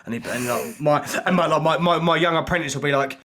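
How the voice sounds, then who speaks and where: A man's voice: on the high side, quick pace, a bit bright. A man in casual podcast chat, rambling through a silly story, stumbling over words and laughing.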